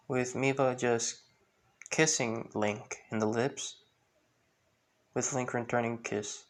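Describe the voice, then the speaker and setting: A man's voice: mid-range voice, level tone, slow pace. A man retelling a fan story in a rambling way, full of fillers.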